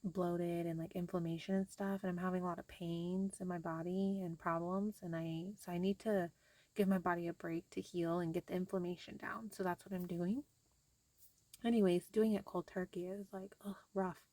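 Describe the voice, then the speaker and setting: Tired young mom rambling to camera. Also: female voice, lowish voice, flat delivery, normal speed, dark tone, no echo. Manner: rambling, frequent fillers. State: tired and frustrated. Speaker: vlogger. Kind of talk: casual talk to camera.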